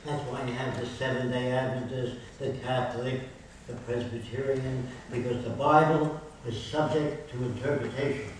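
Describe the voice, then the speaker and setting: An older man lecturing a university audience in emphatic, declarative statements, often ticking through lists. His voice sits at an ordinary middle pitch for a man. It is picked up from far back in a very echoey hall with faint noise underneath. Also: fairly even intonation, normal speed. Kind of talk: public lecture.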